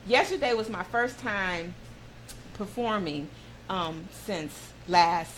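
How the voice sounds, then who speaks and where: A woman's voice: medium pitch, animated, slow pace, a little hiss or hum, poor audio. A woman hosting a talk show, telling a personal story in a heartfelt, encouraging way and motivating her listeners.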